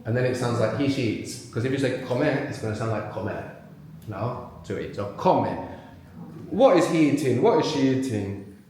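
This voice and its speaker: Male teacher, mid pitch, leads a live room with brisk prompts; very reverberant hall sound. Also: animated, a little mellow. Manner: prompting, quick explanations with pauses for answers. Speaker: language teacher leading a live workshop. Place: large room with a live audience. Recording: very echoey room.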